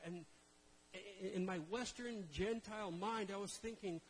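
Animated high-voiced male preacher. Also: fast talker, slight background noise, low-quality recording. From Canada. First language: Portuguese. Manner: joking, animated storytelling. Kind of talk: humorous sermon.

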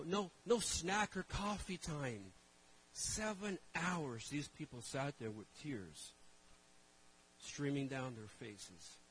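A man preaching as a pastor, telling a story with animated shifts from hushed asides to loud outbursts. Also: mid-range voice, a little hiss or hum, low-quality recording. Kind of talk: sermon storytelling.

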